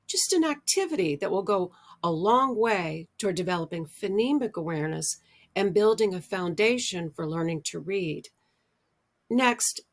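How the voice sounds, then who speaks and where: A middle-aged American woman explaining early literacy skills, speaking deliberately and drawing out her example words. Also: fairly low pitch. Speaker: literacy educator. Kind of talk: instructional explainer.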